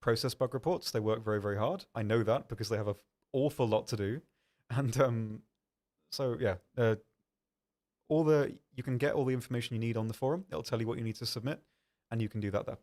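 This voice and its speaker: Viewer questions get read aloud and answered by a young man running a live stream, who keeps it casual with plenty of ums and self-deprecating remarks. He talks a little fast, in a medium-pitched voice with a darkish tone.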